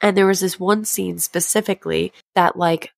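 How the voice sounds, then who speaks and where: A woman's voice: mid-range voice, fairly even intonation, normal speed, vocal fry, no room sound. A young woman co-hosting a podcast, retelling a story in a rambling, casual way, full of fillers and swearing. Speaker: podcast co-host. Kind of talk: casual chat. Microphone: remote recording.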